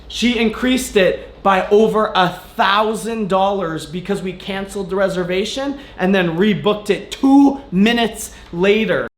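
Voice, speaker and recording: A young man, a fitness vlogger, casually telling a story, animated and swearing freely as he retells conversations. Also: sits high. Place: hotel room, then gym. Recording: echoey room sound.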